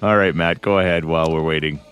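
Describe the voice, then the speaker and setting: A man's voice: very deep voice, fast talker, clear, resonant tone. A man hosting a morning radio show, giving out the call-in numbers and steering the casual banter. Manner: lively, announces phone and text lines, steers the chat. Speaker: radio host. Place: radio studio. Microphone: studio microphone.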